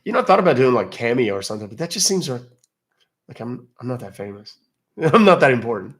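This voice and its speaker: Guy from texas on a live stream, easygoing and jokey, reading chat messages out loud. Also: medium pitch, very animated, fast. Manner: chatty, loose, jokey, reads chat aloud. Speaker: livestream host.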